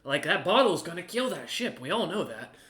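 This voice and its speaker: A man's voice: fairly high pitch, very animated, a little fast, fairly bright tone, voice pushed up. A man voicing a small, snide male crewman with a whiny, snippy way of talking.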